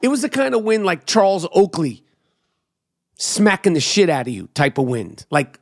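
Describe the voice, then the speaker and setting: A middle-aged podcast host and comedian from New York City, New York accent intact, riffs through a brash, profane monologue on his own show. His voice sits high and sing-song at a moderate pace, in a dry recording of studio quality.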